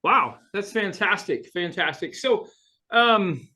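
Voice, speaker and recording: A man's voice: high voice, slow. Guy hosting a podcast, chill, asks stuff with some uhs. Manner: relaxed, asks open questions with fillers. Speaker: podcast host. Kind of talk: casual interview.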